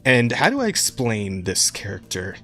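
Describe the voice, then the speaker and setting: Young male co-host, casual chat, middle pitch, laughs and swears, rambles with enthusiasm. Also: wildly swooping pitch, moderate pace, fairly bright tone, faint music behind. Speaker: podcast co-host. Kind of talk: casual chat about games.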